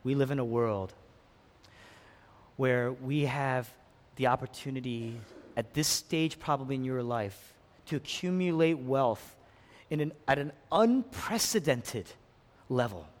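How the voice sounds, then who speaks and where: A pastor preaching a sermon, impassioned, swinging between hushed and loud delivery. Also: male voice, medium pitch, lively intonation, measured pace, pauses often. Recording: long reverb of a large hall.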